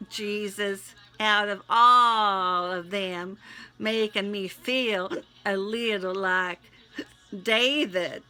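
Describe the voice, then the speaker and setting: A woman with a put-on Southern US accent, sniffly from allergies, reciting a devotional poem in a slow, earnest, prayerful way. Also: mid-range voice, steady tone, bright, forceful tone, faint music behind. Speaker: Christian video poster.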